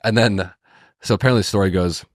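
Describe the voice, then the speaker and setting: A man with a very low voice tells stories on a casual podcast, swearing often and acting out other people's lines. He is a little under the weather, so his voice sounds slightly hoarse. The sound is dry and close to the mic. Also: fast, no room sound. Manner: animated storyteller, swears a lot, mimics voices. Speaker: podcast co-host. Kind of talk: casual chat, storytelling.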